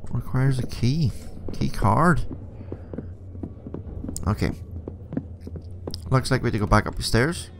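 A man's voice: medium pitch, expressive, slow, creaky, long pauses, background noise. A man thinking aloud as he plays a horror game, swearing a lot, with game music behind him. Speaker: let's play gamer.

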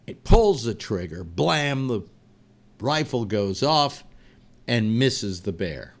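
Animated male talk-show host. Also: mid-range voice, slow pace. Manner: animated, laughing storyteller. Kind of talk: telling a long joke to a panel.

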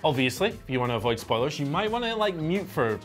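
A croaky man co-hosts wrestling news, his voice a touch high and his jokes dry and sarcastic. Faint music sits behind him. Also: very animated, fast. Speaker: news show co-host. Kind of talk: casual chat.

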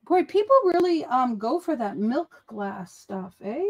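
A high-pitched woman chatting casually while crafting on a livestream. She rambles along with lots of quick asides. Her talk is relaxed and conversational. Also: dull audio. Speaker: livestream host.

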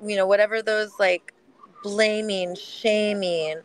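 Gentle, nurturing woman in a heart-to-heart chat. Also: mid-range voice, steady tone, slow, clean tone, low-quality recording. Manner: gentle, nurturing, many filler likes.

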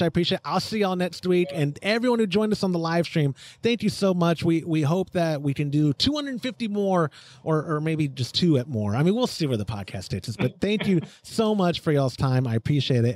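A man's voice: fairly high pitch, lively intonation, brisk, darkish tone, no room sound. A man hosting a homebrewing podcast, chatting casually and reading out live chat comments. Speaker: podcast host.

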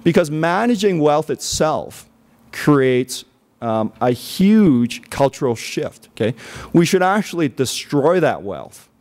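A man giving a conference talk in a casual, conversational way, often checking in with the audience with "okay?" and pausing on "um". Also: on the high side, very animated, darkish tone. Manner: conversational, frequent "okay?" check-ins and "um" fillers. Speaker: conference speaker. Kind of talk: keynote talk. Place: conference stage.

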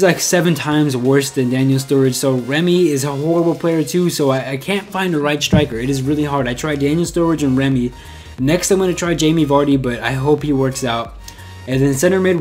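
A man's voice: a little high, moderate pace, darkish tone, faint music behind. A young man recording casual gaming commentary, rambling and frustrated, putting himself down. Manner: frustrated, rambling, self-deprecating. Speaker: gaming YouTuber.

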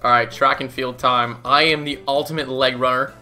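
A man's voice: medium pitch, flat delivery, moderate pace, pushed and bright, soft background music. A young man giving casual, goofy commentary as he plays a game, laughing often and swearing casually. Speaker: gaming YouTuber.

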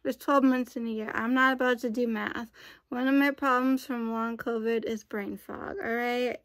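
A woman's voice: fairly high pitch, fairly even intonation, moderate pace, fairly bright tone, no room sound. A woman vlogging in a casual, chatty way, rambling with frequent asides. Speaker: YouTube vlogger.

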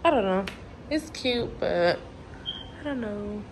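Young woman rambling to her phone at home, slow easygoing talk, bit of hiss behind. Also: mid-range voice, animated, poor audio. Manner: chatty, rambling, lots of "like" and "y'all". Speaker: vlogger. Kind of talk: casual home vlog chat. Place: at home, moving between rooms. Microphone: phone camera, sometimes propped farther away.

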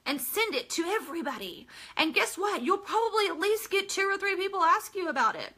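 A woman's voice: very high-pitched, very animated, a little fast, hardly any pauses, bright, forceful tone. A woman network marketing coach giving a chatty live-stream class, greeting viewers by name and making frank asides.

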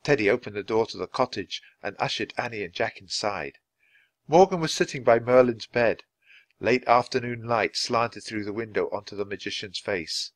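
A man reading a children's chapter book aloud clearly and expressively at a natural pace. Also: lowish voice, moderate pace, no echo. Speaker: storybook reader.

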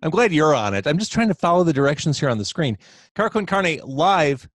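A man's voice: a little high, very animated, racing, dry recording. A man hosting a casual live video-chat podcast, upbeat and teasing his guest. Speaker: podcast host. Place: home, indoors. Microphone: video call.

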